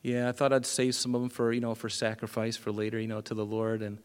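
Casual: guy putting on a blame-dodging king voice, kinda whiny and high. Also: monotone, quick pace, smooth, long reverb tail, natural voice. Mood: defensive. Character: defensive excuse-making ancient male king.

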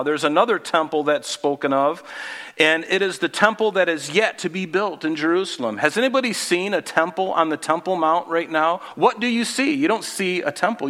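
A male pastor chats his way through a sermon, quizzing the congregation as he goes. For emphasis, he lets his voice fall low and quiet.

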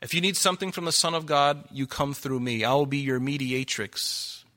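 An adult pastor reads scripture aloud during a sermon and presses his listeners with emphatic rhetorical questions. His medium-pitched voice is pushed and bright, moving at normal speed.

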